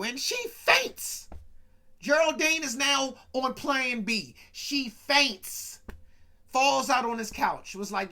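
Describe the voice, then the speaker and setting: A man's voice: lively intonation, slow pace, sharp tone. Chatty man retelling a comedy sketch. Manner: chatty, asides to viewers, mimics quotes with pitch jumps. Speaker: podcast host.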